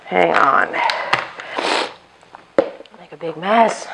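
A woman's voice: on the low side, drawn-out words, vocal fry, background noise. Chatty woman rambling while she cooks. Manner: rambling, talks to herself while cooking. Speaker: cooking channel host. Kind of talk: casual cooking demo with chatty asides. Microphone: lapel mic on chest.

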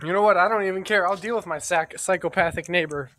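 A young man vlogging in a goofy comic way, often yelling and joking loudly. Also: high voice, fast talker. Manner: loud, yelling, jokey, swearing. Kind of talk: goofy comedy vlog.

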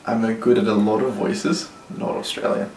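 A man's voice: lowish voice, flat delivery, moderate pace. A young man speaking shyly and hesitantly as the vlogger's companion. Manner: hesitant, shy, mumbled. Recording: noisy camera audio.

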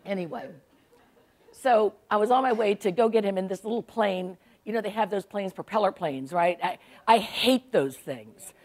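A woman's voice: medium pitch, normal speed, darkish tone. Woman, author at a library talk, chatty, laughing, playful storyteller. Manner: chatty, laughs often, acts out quoted voices. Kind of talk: humorous storytelling to a live audience. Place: public library event room.

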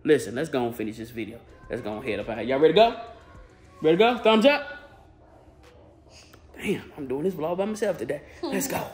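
A man's voice: fairly high pitch, lively intonation, a little fast, long pauses, a little mellow, faint music behind. A man hosting a family vlog in a playful, chatty way, talking straight to the viewers. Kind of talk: casual vlog chat.

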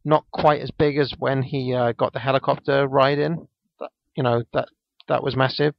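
A man's voice: mid-range voice, flat delivery, moderate pace, vocal fry, no echo. A man, casually recapping a wrestling match on a podcast, rambling with lots of ums and restarts. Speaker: podcast co-host. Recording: dull, lo-fi dry podcast mic.

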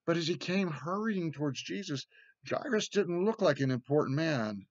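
A man giving a children's sermon in gentle, simple words, reading a storybook aloud. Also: a little high, expressive, moderate pace, no echo, lo-fi sound. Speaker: church children's sermon leader. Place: church, recorded remotely.

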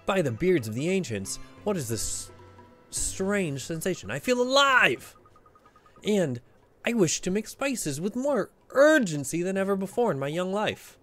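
A man's voice: sits high, big pitch swings, measured pace, faint music behind, pitched above the performer's own voice. Man voicing a theatrical heartbroken spice merchant. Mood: elated. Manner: theatrical, gloomy declaiming. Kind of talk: reading game dialogue aloud.

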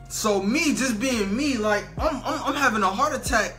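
A man's voice: extremely high pitch, moderate pace, sharp tone, soft background music. A young man telling a funny storytime vlog in slangy casual talk, full of "bro" and "you know what I'm saying". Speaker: storytelling vlogger.

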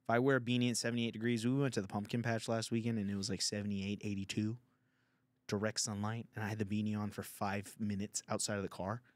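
A man's voice: on the low side, little pitch movement, fast, no echo. A man hosting a podcast, riffing in a crude, rambling, irreverent comedic monologue. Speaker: podcast host.

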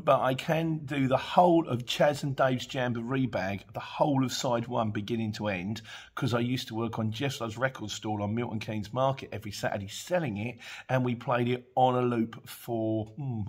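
A man, talking in a loose, rambling way on his vlog. His voice is husky and a bit breathy, and it sits at an ordinary middle pitch. He drifts between stories and viewer comments and laughs as he goes. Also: a bit bright. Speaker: courier driver vlogger. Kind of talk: casual chat. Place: dim room at home.

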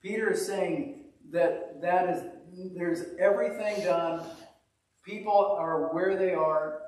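Guy preaching a chatty sermon, kinda high voice, echoey church, sounds a bit far from the mic. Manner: folksy, self-deprecating, animated storyteller. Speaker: pastor. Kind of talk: conversational sermon with storytelling.

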